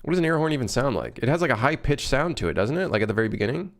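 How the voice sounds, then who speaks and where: A man streaming his game development work, chatting casually and reacting excitedly, joking and swearing as he works. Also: medium pitch, very fast. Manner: excitable, swears and jokes while working. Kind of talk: casual live-stream commentary.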